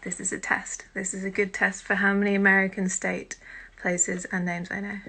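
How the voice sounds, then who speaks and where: A British woman hosting a casual live-stream chat on her phone, chatty and self-deprecating, with quiet muttered asides. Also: medium pitch, monotone, moderate pace. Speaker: host.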